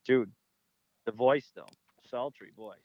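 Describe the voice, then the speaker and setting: A man co-hosting a podcast, telling stories in an animated, excitable way and laughing often. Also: medium pitch, takes it slowly, dry recording, dull audio. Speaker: podcast co-host. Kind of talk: casual chat.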